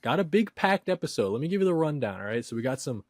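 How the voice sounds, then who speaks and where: A man's voice: a little high, big pitch swings, fast talker, a little mellow, no echo, clean studio sound. A man hosting a podcast in casual, upbeat chat, often saying "dude". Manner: upbeat, laid-back, says "dude" a lot. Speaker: podcast host.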